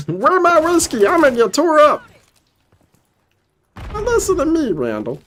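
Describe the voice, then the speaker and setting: A man voicing a dopey, childlike talking meatball with a high, goofy, slurred voice. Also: wildly swooping pitch, measured pace, a bit bright, exaggerated voice.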